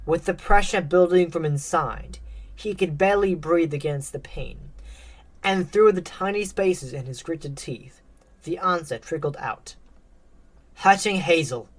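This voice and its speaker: A woman narrating a tense story with a measured, dramatic delivery. Her voice sits on the low side, and she takes her time over each line.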